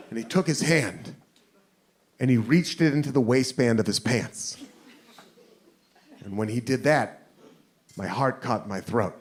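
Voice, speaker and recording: Animated American man on a stand-up stage. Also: mid-range voice, a little slow, long pauses. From United States. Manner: animated storytelling. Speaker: stand-up comedian. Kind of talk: stand-up comedy set. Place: live comedy venue. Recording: noisy live crowd laughter.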